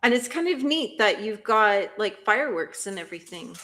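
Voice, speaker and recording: Hosting a cozy productivity livestream, a woman talks at a moderate pace in an animated, medium-pitched voice with a touch of brightness. She's casual and chatty, responding to viewers' comments with many questions and frequent laughs.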